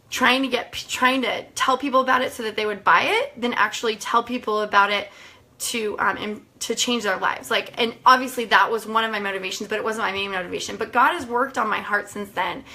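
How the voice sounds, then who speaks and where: A woman's voice: a little high, bright, forceful tone. A woman in her thirties, a mom sharing a personal health testimony in a casual, earnest, chatty way, teary at times. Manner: chatty, earnest, emotional and laughing.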